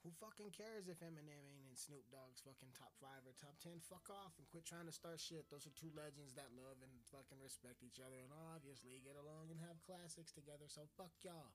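A man's voice: a little high, fairly quick, hardly any pauses. A man hosting a stream and delivering a crude, swearing, mock-offensive comedic rant. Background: faint music.

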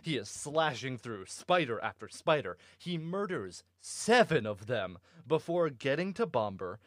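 A man hosting a casual book podcast, animated and swearing freely, often breaking into laughter. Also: medium pitch, unhurried, dry recording, studio quality. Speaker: podcast host.

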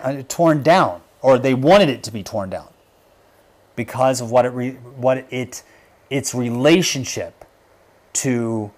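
A man hosting a livestream, talking with fervent emphasis and sinking to a hushed intensity on his gravest points. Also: medium pitch. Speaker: livestream host. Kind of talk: impassioned livestream commentary.

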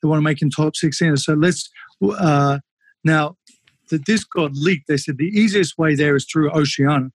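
A man, a former kickboxer, telling fight stories casually on a podcast, animated and swearing freely. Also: fairly high pitch, normal speed, dry recording. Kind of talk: casual storytelling.

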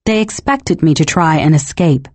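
A woman reading a novel aloud as first-person narration, measured and expressive. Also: deep voice, no room sound. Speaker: audiobook narrator.

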